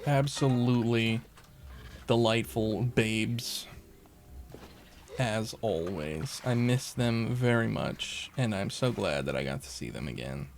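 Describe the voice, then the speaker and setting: A man's voice: fairly low pitch, lively intonation, slow. A man streaming a game, chatting casually, swearing a lot and talking to the characters on screen, with faint game music behind. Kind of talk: casual gameplay commentary.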